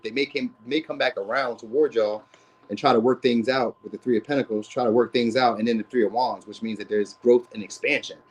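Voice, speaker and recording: A man runs through a tarot reading at a brisk clip, his voice sitting at an ordinary middle pitch. He rambles in loose, slangy talk and keeps checking in with "you know what I mean?". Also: darkish tone, slightly rough, low-quality recording. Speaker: tarot reader. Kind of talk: casual tarot reading chat.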